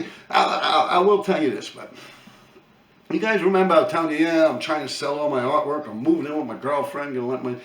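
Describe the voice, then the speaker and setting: A man's voice: fairly high pitch, fast talker, a bit bright, echoey room, recorded from a distance. A man in his fifties from New York City with a New York accent, telling profane, rambling stories with lots of laughing. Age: 50s. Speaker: vlogger. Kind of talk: casual storytelling rant.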